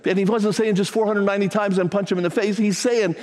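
A man preaching a sermon as a pastor, talking to the congregation in a conversational way and acting out scripture stories with lively energy. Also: high voice, quick pace. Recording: long reverb of a large hall.

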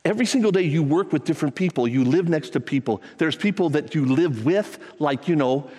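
A man preaching a sermon as a pastor, talking to the congregation in a conversational way and acting out scripture stories with lively energy. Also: a little high, fairly quick, husky. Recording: long reverb of a large hall.

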